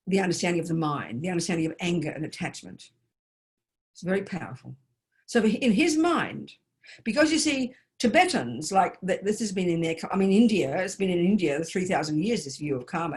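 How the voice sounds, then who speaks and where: An older woman, a Buddhist nun, giving an emphatic dharma talk full of rhetorical questions. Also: low-pitched. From Australia.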